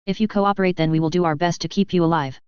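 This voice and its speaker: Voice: mid-range voice, steady tone, fast talker, darkish tone, clean tone, no echo, highs cut off, natural voice. A narrator voicing a practical suited alien woman. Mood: matter-of-fact. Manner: plain, matter-of-fact, explaining. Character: practical small female alien tech in a suit.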